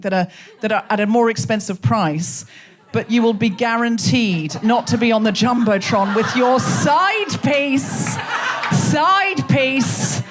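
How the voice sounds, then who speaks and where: A woman with an English accent and a faint Australian trace, hosting a live comedy show in a theatre with quick, teasing audience banter. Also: medium pitch. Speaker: comedy podcast host.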